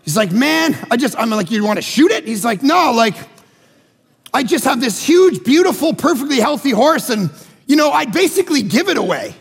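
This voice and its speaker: A man preaching a sermon as pastor, animated and acting out voices in his stories. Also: very high voice, normal speed, creaky, breathy edge. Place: church auditorium. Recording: large hall with long reverb.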